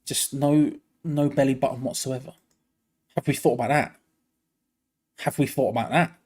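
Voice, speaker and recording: A young man doing live fan commentary on a match, excitable and groaning in frustration. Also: mid-range voice, moderate pace, breathy edge. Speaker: fan watch-along host.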